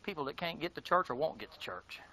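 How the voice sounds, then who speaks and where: A man preaching a fiery, folksy sermon. He mocks his listeners and swings between shouting and hushed tones. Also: a little high, lively intonation, fast talker, creaky, a crowd in the background, low-quality recording.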